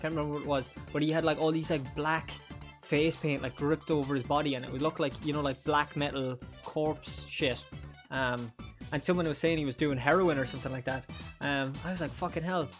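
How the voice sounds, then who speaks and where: With faint music behind him, a young man livestreams his gameplay, joking crudely and laughing a lot as he comments. His voice is fairly high and steady, delivered a little fast.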